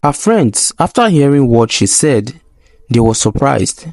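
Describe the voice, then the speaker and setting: A man narrating a folk tale in an expressive, plain storytelling manner. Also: mid-range voice, measured pace, no room sound, clean studio sound.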